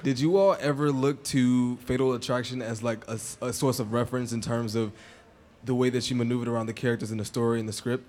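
A man's voice: medium pitch, fairly even intonation, quick pace, a little mellow, a little hiss or hum. A man from Chicago in the audience, eagerly asking a two-part question and stumbling a little over his words.

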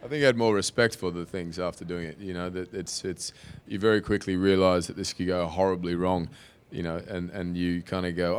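A man's voice: deep voice, steady tone, brisk, clean tone. A man, an actor on a film panel, answering audience questions in a rambling, self-interrupting, amused way. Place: stage panel before an audience.

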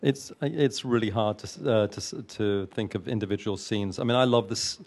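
A man's voice: lowish voice, normal speed, darkish tone. A man, a film producer, answering interview questions earnestly, with frequent hesitations and restarts.

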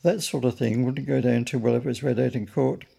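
A man's voice: mid-range voice, a little fast, gravelly, warm tone, breathy edge. A man voicing a weary, stern middle-aged policeman with a dry, officious manner.

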